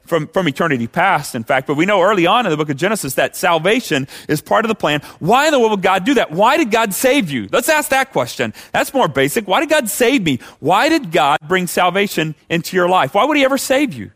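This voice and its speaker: A man's voice: high-pitched, big pitch swings, fairly quick, few pauses, fairly bright tone. A man preaching a sermon as pastor, conversational, with many rhetorical questions.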